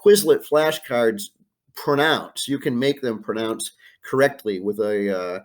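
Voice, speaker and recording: Here the same kind of speaker, an American man teaching Spanish, has a medium-pitched voice and an unhurried delivery. He explains a worksheet to students in a screencast, filling gaps with frequent "uh"s and slipping into Spanish phrases, in a home or classroom setting with art prints behind him.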